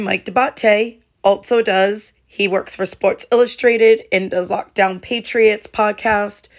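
A woman hosting her own podcast, talking alone in a heartfelt, reflective way, her voice hoarse and cracking. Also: fairly high pitch. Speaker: podcast host. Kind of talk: solo podcast monologue.

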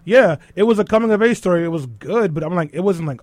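A man's voice: sits high, animated, fast talker, a little mellow, dry recording. A man hosting a casual podcast chat, with snarky wisecracking asides. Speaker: podcast host.

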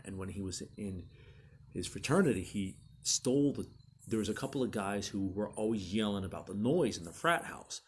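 A man hosting his own show, telling prank stories in a casual, animated way and acting out the quotes in high voices. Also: a little hiss or hum. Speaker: podcast host. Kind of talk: casual storytelling monologue.

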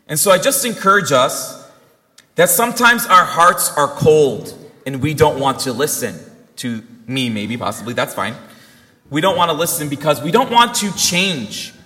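A young priest with a slightly high, sharp-toned voice delivers an earnest Christmas sermon in a church, recounting a family story with quoted dialogue. The sound carries the long reverb of a church hall.

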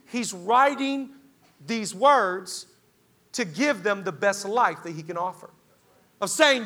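A pastor in his thirties delivers a sermon with a high, bright voice that carries. He tells stories in an animated way, building excitement as he goes. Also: slow pace. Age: 30s. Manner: animated storytelling with rising excitement. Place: large church hall.

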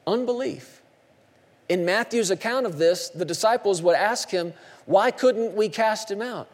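A male pastor preaching a sermon with emphatic, dramatic swings between hushed lines and shouts. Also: sits high, measured pace, big-room sound.

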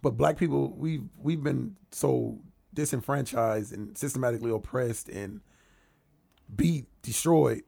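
A man's voice: medium pitch, unhurried, vocal fry, dark tone. A man in a casual chat, explaining his view earnestly and with emphasis.

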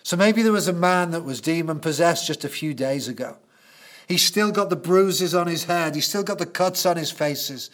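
Brief: male preacher, high-pitched for a man, earnest storytelling sermon. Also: moderate pace, fairly bright tone.

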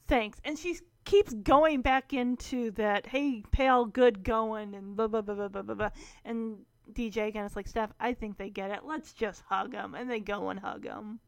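A woman chats through a sitcom episode, slipping into the characters' lines as she goes. Her voice sits fairly high. The sound is dry and close, with no room around it. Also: dry recording. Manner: animated retelling, acts out characters' lines, laughs often. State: choked up. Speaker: show recapper. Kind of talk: casual episode recap.

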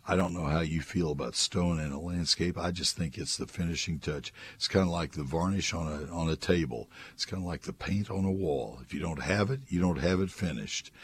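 An older man hosting a radio gardening call-in show, folksy and chatty, reading live ads and taking callers. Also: a little hiss or hum. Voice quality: squeaky voice, as he says. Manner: folksy, chatty, leans on repetition. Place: radio studio.

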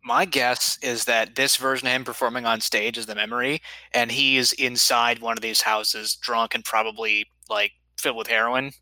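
A man's voice: medium pitch, little pitch movement, normal speed, sharp tone, no room sound, low-quality recording. A man playing a tabletop game, laying out theories about what is going on. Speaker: player. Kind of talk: casual tabletop game play.

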